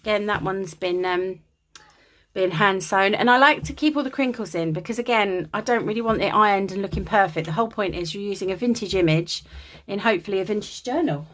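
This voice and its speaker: A woman's voice: medium pitch, a little fast, a bit bright. Chatty gushing woman showing linens. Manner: gushing and chatty, with many ums. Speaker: crafter showing vintage linens. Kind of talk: casual show-and-tell vlog. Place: dim room at home in the country.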